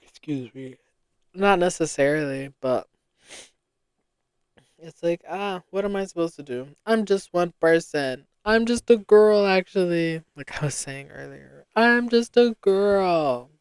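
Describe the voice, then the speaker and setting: A young woman from Rhode Island hosting a casual solo podcast, rambling and self-deprecating with sudden bursts of excitement. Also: deep voice, no room sound. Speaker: podcast host.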